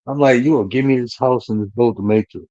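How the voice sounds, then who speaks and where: A man's voice: mid-range voice, fast, a little mellow, no echo, highs cut off. A man telling a profane, slang-heavy story in casual talk on a live panel stream.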